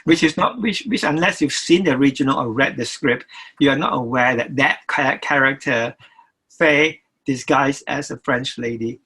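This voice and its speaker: A man's voice: mid-range voice, bright, forceful tone, breathy edge, rough recording. An older man, a record producer, talking as an interview guest, stopping and restarting his sentences often. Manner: halting, many restarts and repeated words.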